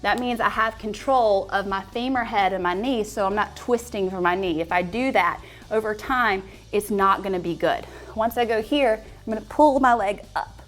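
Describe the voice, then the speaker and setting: A yoga instructor leads a class, chatting and joking playfully while guiding the poses. Her voice is medium in pitch, at a moderate pace with few pauses, over soft background music.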